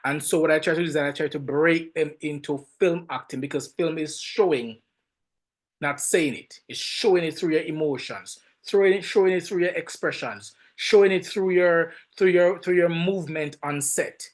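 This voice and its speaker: Jamaican man, film director, podcast guest; slightly high voice, lively emphatic storyteller who repeats himself. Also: normal speed. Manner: animated, emphatic storytelling with frequent word repeats. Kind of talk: casual podcast interview.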